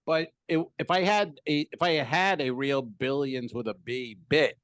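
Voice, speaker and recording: A man's voice: medium pitch, a little slow, a bit bright, dry recording. A man co-hosting a comedy podcast, telling rambling stand-up stories in casual banter and swearing freely. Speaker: podcast co-host and stand-up comic.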